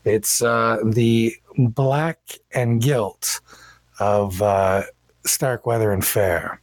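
A man's voice: lowish voice, steady tone, extremely slow, no echo. A man narrating a tabletop game as game master, in a casual, descriptive way.

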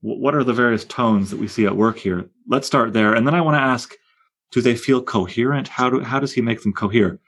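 A man's voice: medium pitch, fairly quick, fairly bright tone. Man teaching poetry, reciting with relish. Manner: reads verse aloud with relish, taps out meter. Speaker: teacher leading a poetry seminar. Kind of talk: seminar discussion.

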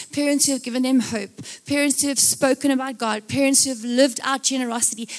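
A woman's voice: fairly high pitch, gravelly. A young South African woman preaching a live sermon, telling stories with jokey asides and acting out voices. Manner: animated storytelling, acts out voices, jokey asides.

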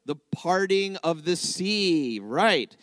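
A man with a fairly high voice leads a congregation through a lively sermon, talking to them in a casual, back-and-forth way. The sound is dry and close, with no room echo. He keeps asking his listeners to follow along and join in. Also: takes it slowly. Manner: conversational, checks in with listeners often. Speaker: congregational teacher. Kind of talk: interactive sermon teaching.

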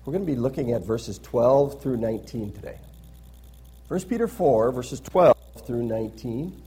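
A man's voice: mid-range voice, lively intonation, normal speed, warm tone, breathy edge. A man preaching a sermon as pastor, reading scripture aloud with rising emphasis and adding conversational asides that end in "right?".

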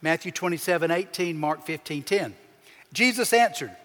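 A man preaching a sermon as pastor, with emphatic swings in pitch and loudness as he acts out the people he quotes. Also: expressive, normal speed. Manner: preaching with emphatic shifts, acting out quoted voices. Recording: long hall reverb.

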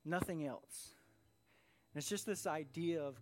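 Pastor, male, higher voice, emphatic sermon delivery with repetition, live church service. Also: a little slow, long pauses. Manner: earnest, emphatic preaching with repeated phrases.

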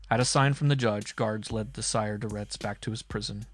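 A man narrating an audiobook in a deliberate, dramatic storytelling manner. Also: on the low side, fairly even intonation, soft background music. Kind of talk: audiobook reading.

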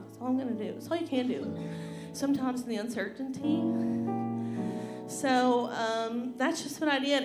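A heavily pregnant, congested woman giving a candid personal testimony in church, near tears and laughing through it. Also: a little high. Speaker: pastor's wife and singer. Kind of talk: personal testimony before singing. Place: church sanctuary. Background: piano and guitar playing.

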